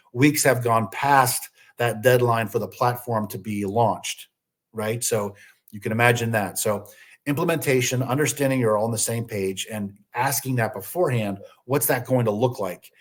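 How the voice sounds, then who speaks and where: A man giving a business webinar presentation, posing questions and then answering them himself, with frequent "uh" fillers. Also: medium pitch. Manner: slows down deliberately for listing items.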